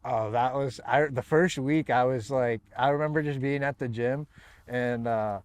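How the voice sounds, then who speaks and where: Man, American accent, young adult, casual interview chat, animated storytelling, frequent laughter. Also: mid-range voice, moderate pace, clean tone, no echo. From San Diego, USA. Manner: laughs often, animated storytelling with many fillers. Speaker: guest fighter.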